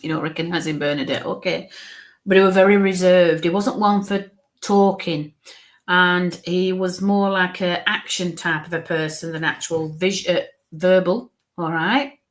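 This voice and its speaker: A woman working as a psychic medium, giving a live reading in a halting way and breaking off to murmur coaxing asides under her breath. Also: lowish voice, steady tone. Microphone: live stream mic.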